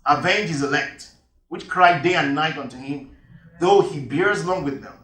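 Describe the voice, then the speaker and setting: A man's voice: on the high side, normal speed, fairly bright tone. A man preaching a sermon and reading Bible verses, emphatic and repeating key phrases. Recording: echoey hall, voice from far off.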